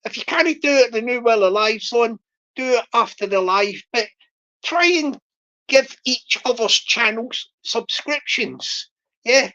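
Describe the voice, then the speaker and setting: A woman's voice: on the high side, measured pace, bright, forceful tone. Rambling woman vlogger, lo-fi sound. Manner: rambling, many restarts and fillers. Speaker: channel host. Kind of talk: rambling casual vlog chat. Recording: dull lo-fi recording.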